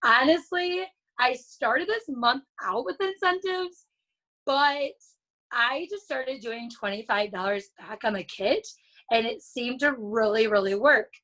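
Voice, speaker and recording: Woman, guest speaker, casual motivational talk, earnest, many fillers, slightly high voice, video call. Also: expressive, unhurried, pushed and bright, poor audio.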